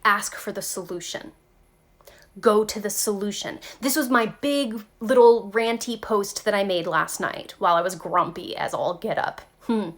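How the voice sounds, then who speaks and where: A woman talking casually to her viewers about spiritual growth, animated and chatty, often saying "like" and "okay". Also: medium pitch, a little slow. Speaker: spiritual tarot vlogger.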